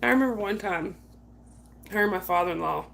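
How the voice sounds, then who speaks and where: Creaky-voiced woman host, casual storyteller who keeps greeting her chat. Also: medium pitch, fairly quick, fairly bright tone, slight background noise. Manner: chatty, laughs often, addresses viewers by name. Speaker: livestream host.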